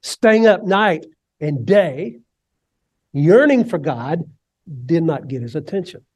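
A male preacher with a high voice delivers his sermon slowly and deliberately. He swings between quiet, low lines and soaring cries, and he has the congregation repeat phrases back to him. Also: expressive. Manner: leads the congregation in call and response. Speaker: pastor.

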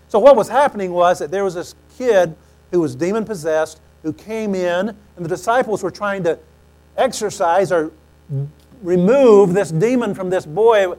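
A man preaching a sermon, telling stories animatedly and acting out quoted lines, often clearing his throat. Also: sits high, normal speed, a little mellow, poor audio.

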